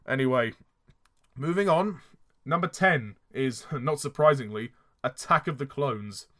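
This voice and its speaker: A man reviewing films in a casual vlog, sarcastic and exasperated. His voice sits at an ordinary middle pitch, and he laughs often at his own jabs. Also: unhurried, a bit bright. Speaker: film reviewer.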